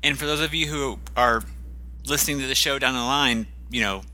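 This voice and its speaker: A man's voice: medium pitch, a little fast, bright, forceful tone. A man co-hosting a podcast in casual chat, talking in a hesitant, self-deprecating way with frequent ums and restarts. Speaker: podcast co-host.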